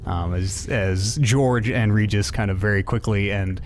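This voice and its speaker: A man narrating a tabletop game as game master, hesitant and animated, with many pauses and restarts. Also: on the low side, soft background music.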